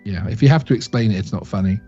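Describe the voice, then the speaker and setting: A man's voice: lowish voice, quick pace, dark tone, soft background music. A British man from the United Kingdom, a co-host who tells jokes in a self-deprecating, hesitant way. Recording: dull lo-fi audio.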